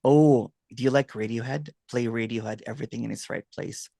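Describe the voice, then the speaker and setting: A man talking through a video call, his voice dry and close with no room sound around it. He tells stories in an animated way and laughs often, hosting a relaxed chat. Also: medium pitch, brisk, vocal fry, no echo. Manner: laughs a lot, animated storytelling. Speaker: host, non-duality guide.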